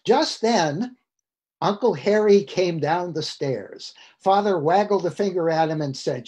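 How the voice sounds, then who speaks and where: A man's voice: high-pitched, animated, unhurried, darkish tone, slightly rough. Older man lecturing, wry storytelling. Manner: storytelling, wry asides to listeners. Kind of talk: lecture with reading aloud from a book. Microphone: video call.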